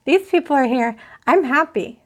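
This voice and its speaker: A woman's voice: high voice, lively intonation, normal speed, a bit bright. A woman hosting a crochet live stream, chatting casually and rambling as she talks to viewers in the chat. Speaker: crochet channel host.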